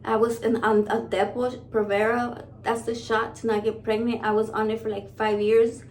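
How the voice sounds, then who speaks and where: Woman in her 30s vlogging, cussing a lot, kinda high voice, real excitable. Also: normal speed, slight background noise. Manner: profane, blunt, excitable. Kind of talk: casual storytelling to camera.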